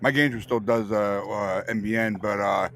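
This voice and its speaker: A man's voice: on the low side, fairly even intonation, normal speed, a bit bright, slight background noise. A man from New Jersey hosting a casual panel chat, easygoing and rambling with fillers. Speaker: show host.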